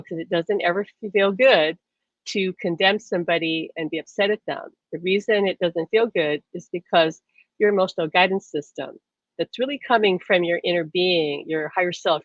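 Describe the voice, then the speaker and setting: A woman's voice: medium pitch, no room sound. A woman teaching on a live stream, talking earnestly and repeating herself as she acts out inner voices. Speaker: spiritual teacher. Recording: dry, muffled lo-fi sound.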